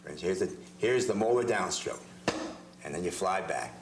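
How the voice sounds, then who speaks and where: A man's voice: low-pitched, lively intonation, normal speed, creaky, background noise. A man teaching drum strokes, explaining step by step and demonstrating as he talks. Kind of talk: instructional demonstration.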